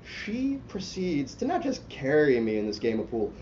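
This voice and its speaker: A man's voice: a little high, wildly swooping pitch, normal speed, a little mellow. A man telling a long, profane story in casual chat, rambling and self-mocking and full of "like". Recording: roomy, dull lo-fi sound with faint hiss.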